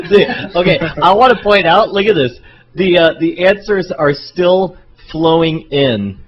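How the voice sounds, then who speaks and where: A chatty man hosting a live internet show, his voice sitting a bit high. He laughs a lot and gets sidetracked easily. The webcast audio is dull and lo-fi. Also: expressive, unhurried. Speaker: host. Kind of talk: casual live web show chat.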